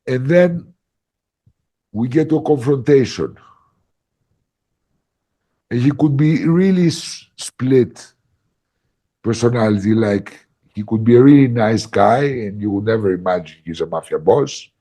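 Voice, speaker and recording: A man facilitating ayahuasca workshops, telling a story in a casual podcast chat, animated and emphatic with lots of "like" fillers. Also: medium pitch, measured pace, pauses often.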